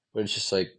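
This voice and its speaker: Young male podcast host, solo ramble, swears a lot, pitch jumps all over, voice of frustration. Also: slightly rough. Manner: frustrated, profane, rambling venting. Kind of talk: solo stream-of-consciousness podcast monologue.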